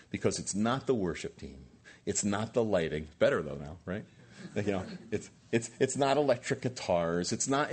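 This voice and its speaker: A man's voice: on the low side, a little mellow, breathy edge. A man in his sixties, a pastor preaching an earnest sermon and building emphasis through repeated phrases.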